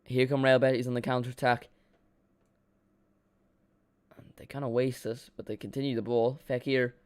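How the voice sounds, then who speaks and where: A man streaming a live watchalong, giving casual, excitable play-by-play and chatting with his viewers, joking at his own expense. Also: mid-range voice, normal speed, clean tone, no room sound. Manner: chatty and excitable, jokes about himself.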